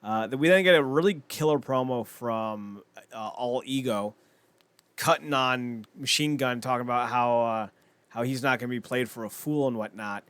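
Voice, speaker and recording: A young man co-hosting a casual podcast, with a voice of middling pitch. He rambles excitably, stumbles through fillers and breaks into laughter often. The sound is close and dry, with no room echo. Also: normal speed, smooth. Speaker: podcast co-host. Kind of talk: casual wrestling chat.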